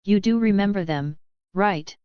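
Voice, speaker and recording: A woman's voice: mid-range voice, unhurried, clean tone, no room sound, highs cut off, close to an everyday voice. A woman reading as a dry, unflappable male mechanic. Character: laid-back smooth-talking male mechanic.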